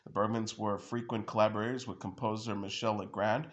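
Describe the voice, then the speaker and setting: A man with a somewhat low voice hosts an entertainment news report. He reads headlines and quotations in a plain delivery. He stumbles now and then, filling gaps with "uh" and restarting words. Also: little pitch movement, brisk. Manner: reads news and quotes with frequent uh fillers and restarts.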